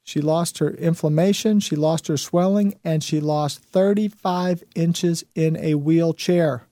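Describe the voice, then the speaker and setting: A man's voice: on the high side, fairly even intonation, a little slow, warm tone, no echo, studio quality. A man in his fifties hosting a show, giving an emphatic motivational talk and repeating his key phrases. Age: 50s. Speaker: host.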